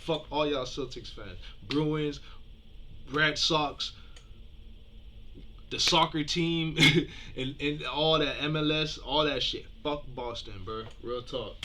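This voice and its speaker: An excitable young man from South Florida talks over a clip, loud one moment and muttering the next. His voice is bright and forward, with a faint hiss under it. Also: fairly high pitch, slow. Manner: hyped, profane, swings from yelling to muttering. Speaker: reaction video host. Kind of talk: excited casual reaction commentary.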